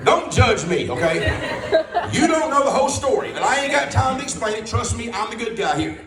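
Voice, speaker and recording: A man's voice: very high voice, big pitch swings, brisk, heavy background noise. A man doing a stand-up comedy set, telling rambling folksy stories with punchlines. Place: comedy club stage before a live audience. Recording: roomy club, distant mic, audience laughter.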